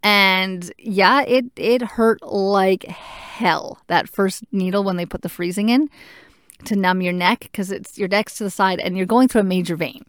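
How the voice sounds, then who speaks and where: A woman casually telling a personal story in an animated way, acting out what people said to her. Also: mid-range voice, measured pace, clean tone, dry recording, studio quality. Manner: animated, acts out what others said. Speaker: patient recounting a procedure.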